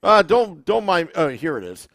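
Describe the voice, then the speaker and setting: A man's voice: sits high, very animated, moderate pace, vocal fry, fairly bright tone, no echo, studio quality. A man hosting a sports podcast, talking easily and hesitantly with many restarts. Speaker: podcast host. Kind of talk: casual podcast chat.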